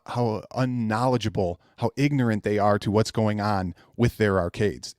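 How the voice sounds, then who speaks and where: A man's voice: mid-range voice, darkish tone, dry recording, studio quality. A man, a guest on a late-night chat show, ranting in casual talk and mocking others in exaggerated voices.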